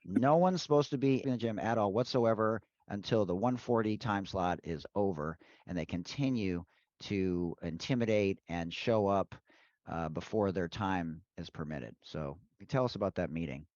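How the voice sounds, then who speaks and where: A low-voiced man hosts a podcast interview, pressing his points with emphasis. The sound is dull and lo-fi, and the room gives no echo at all. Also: normal speed, a little mellow. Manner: emphatic, urging listeners. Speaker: podcast host. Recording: dull, dry lo-fi recording.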